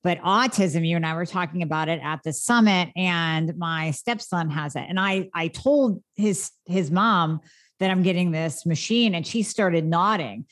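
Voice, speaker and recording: A woman's voice: fairly low pitch, normal speed. A woman hosting a podcast, chatting conversationally with her guest. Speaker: podcast host. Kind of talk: casual interview chat.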